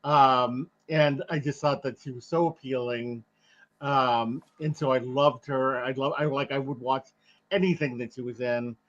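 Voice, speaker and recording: A man's voice: mid-range voice, steady tone, a little slow, fairly bright tone. A man in his fifties in a casual live discussion over a video call, easygoing and laughing as he talks. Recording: muffled video call audio.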